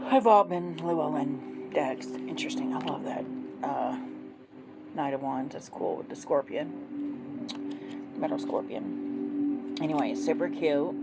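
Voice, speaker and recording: A woman's voice: low-pitched, poor audio. A woman chatting casually in a vlog, showing her tarot decks and gushing over them, sleepy and yawning. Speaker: tarot deck reviewer.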